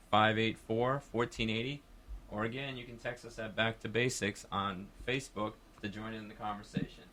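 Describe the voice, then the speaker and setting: A man's voice: on the low side, a bit bright, a little hiss or hum. A man hosting a call-in radio talk show, chatting in a casual, rambling way from a studio microphone.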